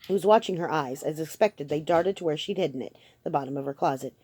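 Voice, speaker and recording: A woman narrating a novel as an audiobook reader, in a steady, measured way. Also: low-pitched, no room sound. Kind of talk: audiobook reading.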